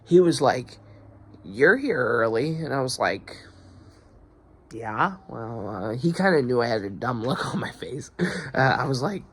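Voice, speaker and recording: In a casual video diary, a young man vents about his work schedule, rambling, swearing and frequently restarting his sentences out of frustration. His mid-range voice is animated and slightly rough, at a normal pace.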